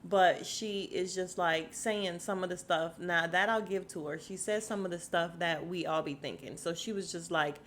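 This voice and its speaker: Chatty, sarcastic woman podcaster, lowish voice. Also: normal speed, hardly any pauses, slight background noise. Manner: chatty, sarcastic, frequent laughs and asides. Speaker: podcast host. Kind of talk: casual reality TV recap.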